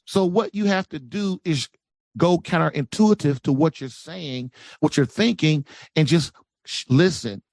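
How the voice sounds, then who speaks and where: Preachy male advice-giver, lively delivery, raised pitch, dry recording. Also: unhurried, no room sound. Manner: preachy, acts out quoted voices. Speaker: podcast guest, relationship coach. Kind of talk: animated advice talk.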